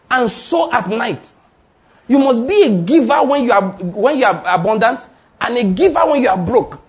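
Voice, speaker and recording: A man preaching a sermon to a congregation, quizzing them with call-and-response questions and repeating his points emphatically, with an occasional laugh. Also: very high voice. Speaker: pastor. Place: church before a congregation.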